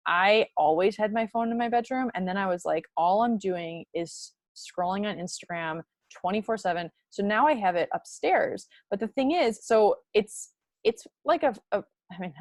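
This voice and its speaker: A woman's voice: mid-range voice, no echo. Woman, podcast co-host, emphatic reactions, mid-range voice, dry close mic. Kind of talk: casual podcast chat.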